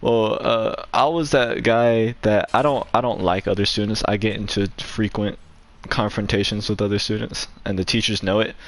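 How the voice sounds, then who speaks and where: A man's voice: on the low side, steady tone, moderate pace, hardly any pauses. A young man telling a story in casual chat, rambling with lots of fillers and laughing between lines. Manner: rambling, heavy use of "like" fillers, laughs often. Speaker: gaming channel host.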